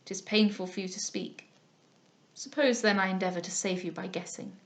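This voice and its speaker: A woman reading aloud, voicing an elderly male guardian who speaks softly, mildly and solemnly. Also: mid-range voice, fairly even intonation, fairly quick, close to an everyday voice. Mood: grave. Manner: soft, mild, solemn speech.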